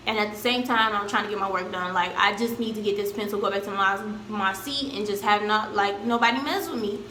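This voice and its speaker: A young woman vlogger telling a story in a casual, slangy way, with loud acted-out quotes. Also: mid-range voice, a little fast, roomy sound, a little hiss or hum. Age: young adult. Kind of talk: storytime vlog.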